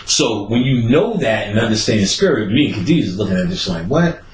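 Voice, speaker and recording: A man talks in a loose, profane rant, and his pitch swings widely as he drives his points home. He breaks into short laughs between thoughts. The room sounds echoey, with faint ambience behind him. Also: lively intonation, brisk, slight background noise. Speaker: host. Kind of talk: casual ranting monologue. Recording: roomy echo, faint background ambience.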